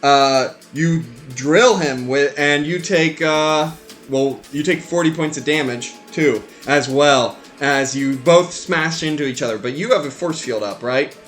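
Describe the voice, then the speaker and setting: A man narrating as game master in a tabletop game, animated and stumbling over his words. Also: on the high side, a little slow, faint music behind. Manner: animated narration with many fillers and restarts.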